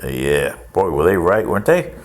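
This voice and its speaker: A man's voice: deep voice, lively intonation, normal speed. A man, older, giving a rambling history monologue with sarcastic, mocking asides.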